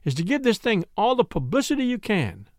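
A man reading a story who voices a suave New York gentleman, brisk, polite and self-assured. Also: high-pitched, huge pitch swings, no echo, studio quality, voice pushed up. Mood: lecturing.

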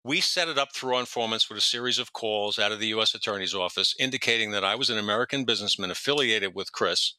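A man's voice: fairly low pitch, bright, forceful tone, no echo. A man telling long stories as a podcast guest, rambling and correcting himself as he jumps around in time. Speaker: podcast guest, retired police detective. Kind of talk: storytelling in a casual interview.

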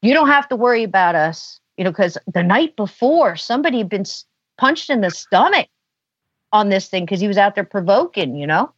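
On a podcast, a female guest tells a long, casual story, chatting away and saying "you know" a lot. Her mid-range voice is sing-song, fairly quick, fairly bright and slightly rough, captured with no echo in a dull, dry lo-fi recording.

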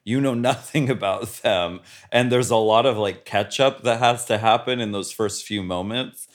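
A man co-hosting a podcast, chatting casually and thinking out loud. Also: on the low side, normal speed. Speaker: podcast co-host. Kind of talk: casual chat.

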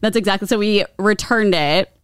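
Smooth-voiced woman podcast host. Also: mid-range voice, moderate pace, dry recording, studio quality. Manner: chatty, giggly, playful, tries out accent jokes. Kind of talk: casual chat.

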